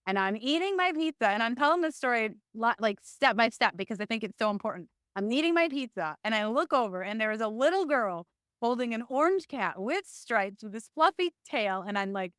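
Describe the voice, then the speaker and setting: A middle-aged woman telling a long story as an interview guest, chatty and animated. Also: a little high, a little fast, clean tone, no echo, clean studio sound. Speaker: podcast guest.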